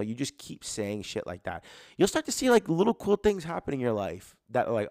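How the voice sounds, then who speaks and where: A man with a mid-range, slightly creaky voice talks a little fast while hosting a solo podcast. He rants casually and animatedly, swearing a lot and acting out the inner voices of people he quotes. The recording is studio quality with no room sound.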